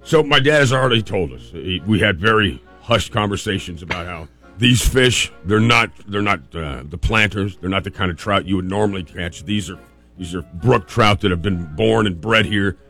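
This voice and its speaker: A man hosting a talk show, telling a family story in a casual, animated way and laughing often. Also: on the low side, normal speed, faint music behind. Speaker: radio host telling a story.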